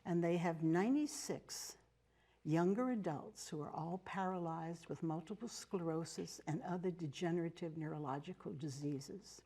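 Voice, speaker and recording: Older American woman, low and mellow. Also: moderate pace. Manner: warm storytelling with fillers and restarts. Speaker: interview guest, nun and teacher. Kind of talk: casual interview talk. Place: TV studio.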